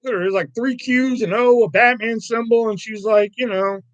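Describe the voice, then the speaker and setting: A man's voice: high-pitched, fairly quick, no room sound, lo-fi sound. A man from Virginia hosting a casual livestream, telling stories with lots of swearing and reacting to his chat. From Virginia, USA. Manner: animated, profane storytelling. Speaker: livestream host.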